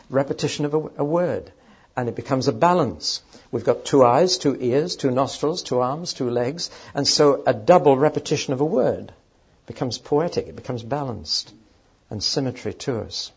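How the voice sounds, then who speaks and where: A man's voice: medium pitch, expressive, moderate pace, slightly rough. A man giving an emphatic, explanatory talk as a Bible teacher, stressing key words as he goes. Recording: dull lo-fi recording.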